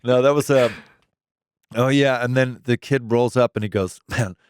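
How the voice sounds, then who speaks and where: A man's voice: mid-range voice, fairly even intonation, moderate pace, clear, resonant tone, dry recording. A middle-aged man, a musician guest in a studio interview, telling laughing anecdotes and acting out quoted voices. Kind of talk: casual storytelling interview. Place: recording studio.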